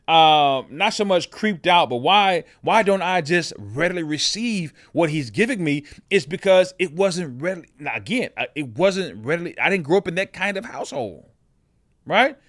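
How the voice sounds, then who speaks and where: A man's voice: fairly high pitch, a bit bright, dry recording, clean studio sound. A man with a heavy voice, hosting a reflective personal monologue and talking through his thoughts conversationally, often checking in with "right?" and restarting his words. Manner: frequent restarts and repeated words. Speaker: podcast host.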